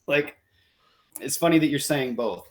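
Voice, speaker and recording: A man's voice: medium pitch, animated, unhurried. A man with a Wisconsin accent chatting casually on a podcast in an easygoing way, full of "like" and "dude.". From Wisconsin, USA. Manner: laid-back, easygoing, filler-heavy. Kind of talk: casual chat.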